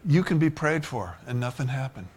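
A man preaching a sermon, building from low, even talk to loud fervor and at times dropping to a whisper. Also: normal speed, husky.

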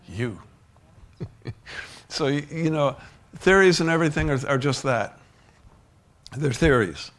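Man preaching in a relaxed, chatty way. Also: a little high. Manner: conversational preaching with frequent restarts and chuckles. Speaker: pastor. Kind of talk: sermon.

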